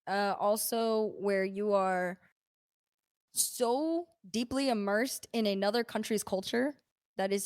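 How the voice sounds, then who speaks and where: A young woman who hosts and casts esports events, talking in a loose, chatty way with plenty of fillers as she tells her stories. Her voice sits at an ordinary middle pitch, and the recording is dry and close with no room echo. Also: smooth. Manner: chatty storytelling with many fillers. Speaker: esports caster and event host. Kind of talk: casual podcast chat.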